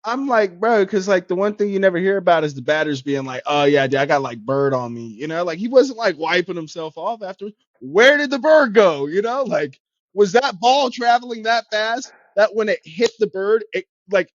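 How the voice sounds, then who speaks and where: High-pitched guy cohosting a podcast, rambling jokes, kinda muffled dry recording. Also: lively intonation, normal speed, no room sound. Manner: rambling, joking, boastful riffs. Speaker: podcast co-host. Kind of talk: casual chat. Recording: dry, dull lo-fi sound.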